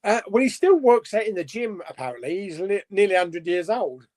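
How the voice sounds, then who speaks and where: Chatty man, lively pitch. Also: a little fast. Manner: chatty, muses aloud and laughs to himself. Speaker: host. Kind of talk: casual live chat reading viewer comments.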